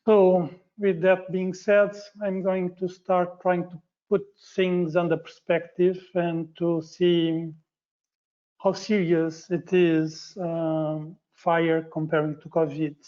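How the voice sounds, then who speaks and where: A man with a Portuguese accent gives a webinar talk in English, his second language, in a slow, flat, fairly high voice. He stops often to restart and correct himself, filling the gaps with ums. The sound is dull and lo-fi, like a call picked up by a computer mic. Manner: halting, frequent fillers and self-corrections. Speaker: guest speaker. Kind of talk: webinar presentation.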